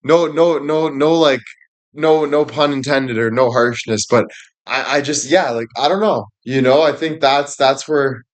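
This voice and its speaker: Young guy on a live stream, rambly, crude jokes, normal pitch. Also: fairly even intonation, measured pace. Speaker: livestream host. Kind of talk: casual livestream chat.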